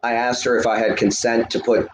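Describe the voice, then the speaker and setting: A man talks straight to his live chat in a heated, profane rant, lecturing viewers as he smokes. His voice sits at an ordinary middle pitch. The room around him is echoey, with a faint ambient hum underneath. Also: flat delivery, fairly quick. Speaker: livestreamer.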